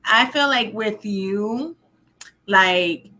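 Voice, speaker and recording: A woman's voice: medium pitch, drawn-out words, bright, forceful tone, slight background noise. Blunt woman co-host, casual chat, swears freely. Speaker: podcast co-host.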